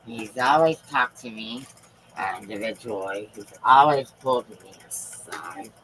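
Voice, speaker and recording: Woman, live-stream host: deep voice, slow and unhurried delivery, swears freely, fervent and emphatic. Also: fairly bright tone, a little hiss or hum, low-quality recording. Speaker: livestream host. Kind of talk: rambling live-stream monologue.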